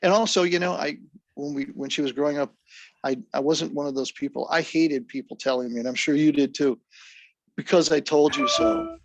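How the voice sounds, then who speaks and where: A man, a drummer guest, telling stories in a relaxed, even-keeled way during a casual interview. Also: a little high, a little fast, no echo. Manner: laid-back, even-keeled storyteller.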